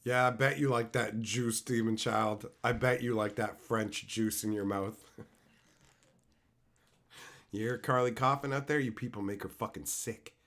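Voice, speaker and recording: A young man from Canada, a streamer reading his live chat and ranting in loud, profane, mock-outraged bursts. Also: fairly low pitch, fairly even intonation, unhurried. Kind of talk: casual rant to live chat.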